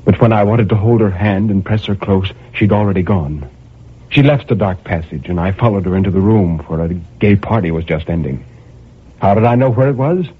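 A man with a low, husky voice reads a grim first-person tale in a brooding, intense, measured way. His pitch rises and falls with lively expression. The audio is thin and phone-like. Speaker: narrator. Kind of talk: dramatic story reading.

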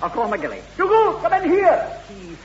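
An actor playing a canny Scottish laird with a lilting brogue and mock solemnity, in a comic radio play. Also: male voice, sits high, sing-song, moderate pace, bright, forceful tone, a little hiss or hum, exaggerated voice. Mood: sly. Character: wily canny old Scottish laird, feigning innocence. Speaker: castle owner selling his home. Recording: dull lo-fi old radio recording.

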